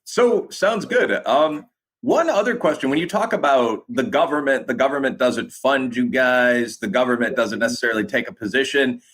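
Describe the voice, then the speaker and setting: A man's voice: mid-range voice, moderate pace, a bit bright, slightly rough, poor audio. A male interviewer on a remote call who asks hesitant questions and often restarts his words.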